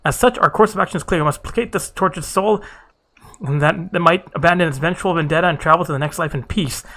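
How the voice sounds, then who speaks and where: A man voicing a pompous, bumbling gentleman detective with grandiloquent, theatrical speech. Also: fairly high pitch, fast.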